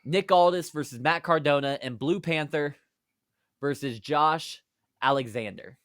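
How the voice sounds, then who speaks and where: A man hosting a podcast, recapping a fantasy wrestling card in brisk play-by-play storytelling. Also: fairly high pitch, fairly bright tone, dry recording, studio quality. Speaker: podcast host.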